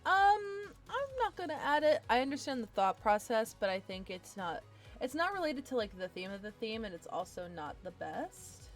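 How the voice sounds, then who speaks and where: An excitable woman chatting to herself and her stream viewers while she builds a card game deck, with bursts of delight. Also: medium pitch, normal speed, faint music behind. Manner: excitable, talks to herself while browsing cards. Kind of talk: casual live-stream deckbuilding chat.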